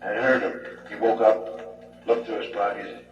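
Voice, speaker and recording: Comedian guy rambling through stories, lotta 'you know', echoey, loud music under it. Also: lowish voice, level tone, measured pace, highs cut off. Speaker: stand-up comedian. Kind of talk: stand-up storytelling. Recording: echoey distant live recording with music.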